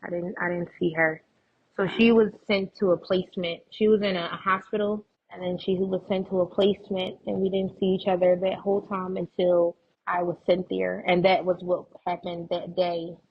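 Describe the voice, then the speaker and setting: A woman's voice: fairly low pitch, little pitch movement, moderate pace, slightly rough, muffled recording. A woman guest in an interview, earnestly recounting personal experiences, restarting her sentences as she goes. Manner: earnest, tells anecdotes with frequent restarts. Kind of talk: emotional personal storytelling in conversation.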